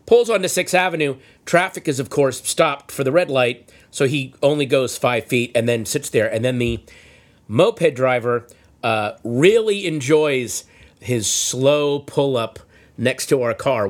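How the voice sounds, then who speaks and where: A man telling a comic story in casual chat, acting out the shouted lines of the people in it. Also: medium pitch, lively intonation, unhurried. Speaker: storyteller guest.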